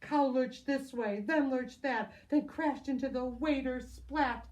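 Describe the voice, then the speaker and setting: A woman preschool teacher reading a picture book aloud to children, animated and exclaiming in a sing-song way. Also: high-pitched, slow, highs cut off.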